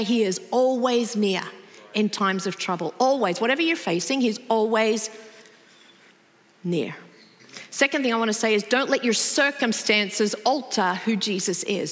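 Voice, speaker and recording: Animated woman preaching in a big hall. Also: on the high side. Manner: conversational, animated storytelling. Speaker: pastor. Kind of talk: sermon with personal story. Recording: long reverb of a large hall.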